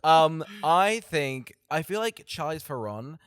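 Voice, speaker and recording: A man's voice: a little high, sing-song, takes it slowly, a bit bright, smooth, no room sound, clean studio sound. A man co-hosting a podcast, chatting enthusiastically and rambling, often trailing off mid-sentence. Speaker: podcast co-host. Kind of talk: casual chat.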